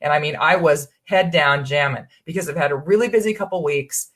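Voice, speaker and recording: A woman's voice: low voice, fairly quick, fairly bright tone. A woman coaching her audience in a live webinar, talking in an earnest, chatty and encouraging way, often restarting her sentences. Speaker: online business coach.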